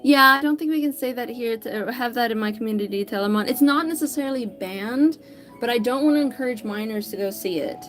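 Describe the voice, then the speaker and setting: A woman with a fairly high voice talks fast as she draws on her livestream, faint music behind her. The digital artist streamer keeps things casual, upbeat and chatty, greeting viewers by name.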